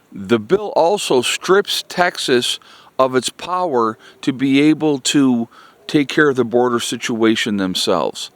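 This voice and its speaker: A man's voice: medium pitch, no room sound. A man giving a blunt, exasperated political rant to his viewers, repeating his points and calling them "folks". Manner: exasperated, repetitive, keeps addressing "folks". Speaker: political commentary vlogger.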